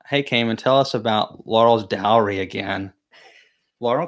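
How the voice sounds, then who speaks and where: A young man hosts a casual beekeeping live chat in a mid-range voice at normal speed. His stories ramble and poke fun at himself, full of fillers and restarts.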